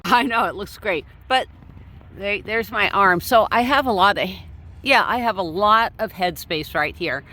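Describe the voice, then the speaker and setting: A woman's voice: medium pitch, a little slow, bright, forceful tone. A woman vlogging casually from inside her camper van, thinking aloud and meandering with lots of uh and um fillers. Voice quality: voice others compare to a chatty cartoon fish. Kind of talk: casual rambling chat to camera.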